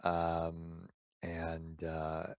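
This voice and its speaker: A man co-hosting a podcast, answering slowly and hesitantly in casual chat. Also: sits low, monotone, no room sound. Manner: unhurried, hesitant, with fillers. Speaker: podcast co-host.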